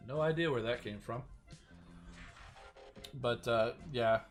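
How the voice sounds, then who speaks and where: A man's voice: mid-range voice, slow, faint music behind. A man hosting a game live stream, chatting casually and rambling, often restarting his sentences and answering viewers. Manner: rambling, with many restarts and asides to chat.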